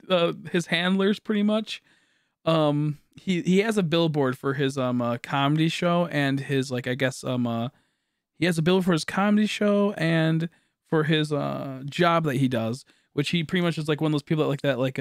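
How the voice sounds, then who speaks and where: A man's voice: fairly high pitch, no echo, clean studio sound. A man in his late twenties, a streamer rambling through a funny story, laughing often and swearing casually.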